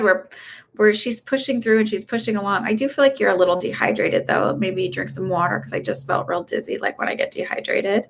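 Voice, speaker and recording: A woman's voice: mid-range voice, fairly quick, creaky. A young woman giving live psychic readings in a chatty, hesitant way, full of fillers and restarts. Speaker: psychic medium host. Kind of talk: casual live-stream reading.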